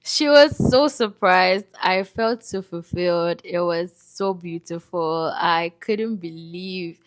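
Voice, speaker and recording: A woman from Nigeria, narrating a travel vlog as an animated, chatty storyteller. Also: fairly low pitch, slow, faint music behind. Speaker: vlogger.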